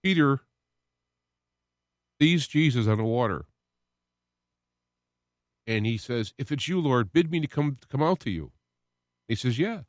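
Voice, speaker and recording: A man's voice: medium pitch, animated, unhurried, long pauses, dry recording. Male solo radio host, heartfelt and rambling, with emotional swells; dry close sound. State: close to tears at moments. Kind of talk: personal faith talk monologue.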